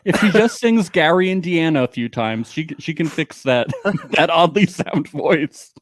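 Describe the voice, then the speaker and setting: A man's voice: on the high side, lively intonation, measured pace, no room sound, studio quality. A man co-hosting a casual recap podcast, joking and rambling with lots of fillers. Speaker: podcast co-host.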